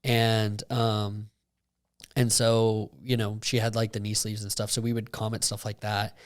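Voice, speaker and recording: A young man co-hosting a casual podcast, talking in a rambling way with lots of fillers and getting animated when he retells a story. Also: fairly low pitch, measured pace. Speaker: podcast co-host. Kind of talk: casual chat.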